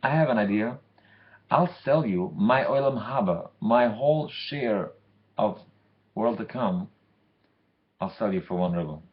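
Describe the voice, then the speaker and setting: A man's voice: lowish voice, expressive, a little slow, pauses often, lo-fi sound. A man voicing a scornful male tavern keeper who mocks, then begs, in a told story. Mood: mocking. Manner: mocking, then begging.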